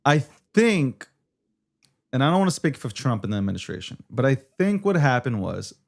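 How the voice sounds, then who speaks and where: A man co-hosting a political talk show, animated, swearing and filling his talk with "you know" and "like". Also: medium pitch, normal speed, vocal fry.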